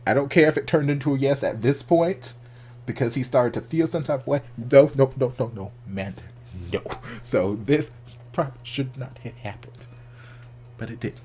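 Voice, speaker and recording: Candid, expressive male reaction vlogger. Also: medium pitch, moderate pace, husky. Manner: candid and expressive, swears casually. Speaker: reaction video host. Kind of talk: casual reaction commentary.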